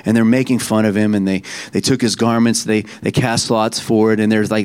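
A man's voice: fairly low pitch, fairly even intonation, brisk, hardly any pauses, a little mellow, clean tone. Man preaching a conversational sermon. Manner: conversational preaching with frequent restarts and asides. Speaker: pastor.

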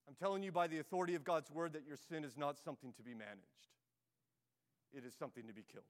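A male preacher with a high voice, delivering a sermon with direct, emphatic exhortation. Long reverb from the church hall trails each phrase. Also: expressive, fast, a bit bright.

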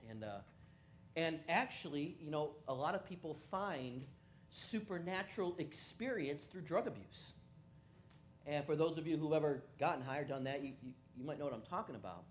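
Man preaching, animated storytelling, lively swooping pitch, slightly high voice, faint rumble behind. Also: moderate pace. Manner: animated storyteller who acts out quoted voices. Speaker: pastor. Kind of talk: sermon with storytelling.

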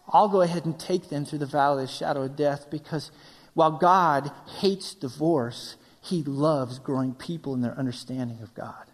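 A middle-aged man preaching a sermon, acting out quoted voices and swinging between loud, urgent passages and hushed near-whispers. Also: on the high side, moderate pace. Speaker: pastor. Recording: long reverb of a large hall.

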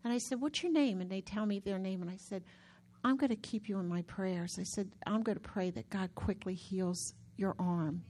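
A woman minister sharing a personal testimony in a casual, talkative way. She tells the story with lots of energy and often stops to restart her sentences. Her pitch sits in the ordinary middle range for a woman. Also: moderate pace. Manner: chatty, animated storytelling with many restarts. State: recovering from a hand injury.

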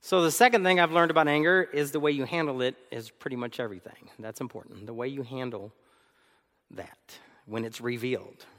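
A man's voice: medium pitch, fairly quick. Male co-pastor giving a sermon, acts out little arguments, laughs a lot, echoey sanctuary sound. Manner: animated, acts out everyday arguments, laughs often.

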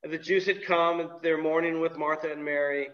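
A man's voice: a little high, fairly even intonation, brisk. A man preaching a sermon as a pastor, talking in a loose, conversational way with frequent restarts and fillers. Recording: echoey room, dull lo-fi sound.

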